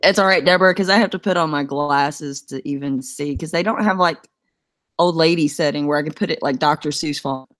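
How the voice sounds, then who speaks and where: A woman's voice: low voice, fairly quick, fairly bright tone. A woman chatting casually on a video call through her computer mic, joking about herself and laughing often. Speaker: co-host. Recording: slightly tinny sound.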